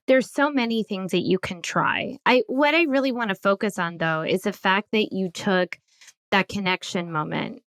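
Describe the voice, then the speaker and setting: A woman's voice: mid-range voice, a little slow, a bit bright, dry recording. Reassuring woman sleep consultant. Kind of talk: casual chat.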